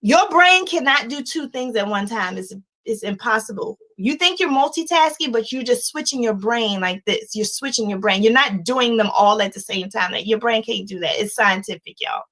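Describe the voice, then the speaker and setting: A woman in her forties giving a livestreamed life-coaching talk, emphatic and animated, chanting repeated words and laughing often. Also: fairly high pitch, moderate pace, few pauses, rough recording.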